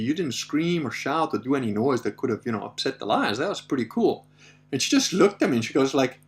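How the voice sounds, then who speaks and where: Speaking briskly in a slightly high voice, this middle-aged man hosts a podcast and relays an anecdote in a lively, casual way. He does the voices of the characters, laughs a lot, and drops the occasional swear word.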